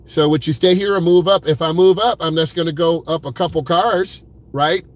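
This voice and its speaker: A man's voice: a little high, fairly even intonation, moderate pace. A man chatting casually to viewers on a live stream from his car at an airport pickup lane, laid-back and direct. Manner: laid-back, talks straight to viewers, repeats "keeping it real". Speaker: driving vlogger.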